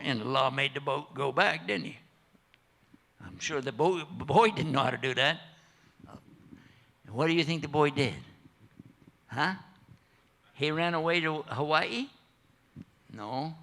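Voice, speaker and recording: A man's voice: mid-range voice, creaky. An older man giving a storytelling sermon at a mosque, joking with listeners and acting out the characters in the story. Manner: animated, jokey, acts out characters. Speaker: preacher. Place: mosque hall.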